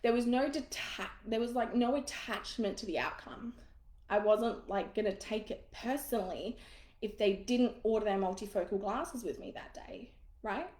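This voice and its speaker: A woman coaches business owners through a live online masterclass. She talks in a casual, frank and encouraging way and swears now and then. Her voice sits at a middling pitch and carries a roomy echo. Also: moderate pace, a little mellow.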